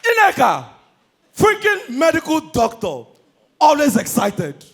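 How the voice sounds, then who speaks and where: A Nigerian man doing stand-up comedy, energetic and shouting his punchlines. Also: very high-pitched, measured pace.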